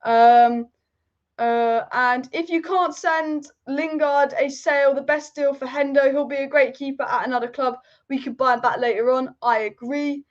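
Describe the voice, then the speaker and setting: A woman with a high voice hosts a live football stream. She rambles with strong opinions and repeats her points for emphasis, and the audio is dull and lo-fi. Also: steady tone, moderate pace. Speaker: football channel host. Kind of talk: live-stream football chat reading viewer comments.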